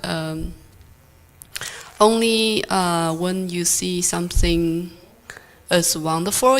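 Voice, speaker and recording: Slow, gravelly-voiced woman asking a question. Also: on the low side. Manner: hesitant, with frequent fillers.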